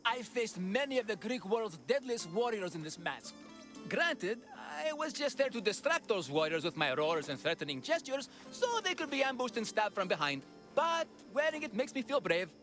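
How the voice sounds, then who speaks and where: A man's voice: high-pitched, sing-song, normal speed, fairly bright tone. An actor playing a bumbling, boastful father in a bull costume, theatrical and comic. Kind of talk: game cutscene acting. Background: game score music.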